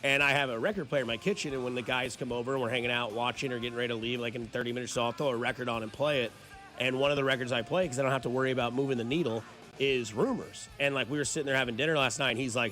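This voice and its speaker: Laid-back male sports radio co-host, medium pitch, faint music bed. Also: steady tone, very fast, a bit bright. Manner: easygoing storyteller. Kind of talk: casual sports radio banter. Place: radio studio. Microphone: studio microphone.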